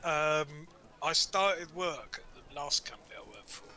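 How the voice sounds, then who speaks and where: A man's voice: fairly high pitch, lively intonation, unhurried, bright, forceful tone, slight background noise. A man chatting casually and joking about himself, laughing often. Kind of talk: casual chat. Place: home, indoors.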